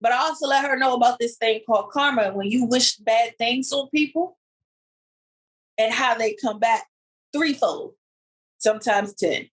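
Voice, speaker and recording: A woman's voice: fairly high pitch, moderate pace, poor audio. A woman co-hosting a podcast in casual chat, animatedly retelling what others said. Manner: animated storyteller, retells clips with quoted voices. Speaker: podcast co-host.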